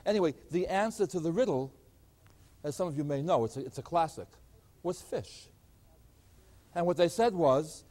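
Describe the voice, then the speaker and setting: Older man, math professor, lively lecture, slightly high voice. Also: moderate pace, long pauses. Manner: animated, storytelling teacher. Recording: older recording.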